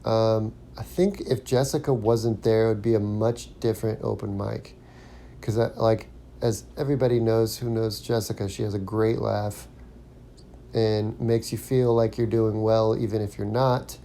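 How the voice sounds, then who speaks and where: A man talks on his own podcast in a loose, rambling monologue, full of fillers and false starts. His voice sits dark and mellow, with a gravelly edge at the bottom. The delivery stays casual and unscripted. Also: fairly low pitch, steady tone, normal speed, slight background noise. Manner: rambling, lots of ums and restarts. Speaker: podcast host, stand-up comic.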